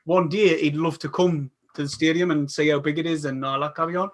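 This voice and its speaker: A man's voice: on the high side, steady tone, fast. A man, hosting a casual football chat and stumbling over restarts as he reads viewer comments aloud. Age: 40s. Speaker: podcast host.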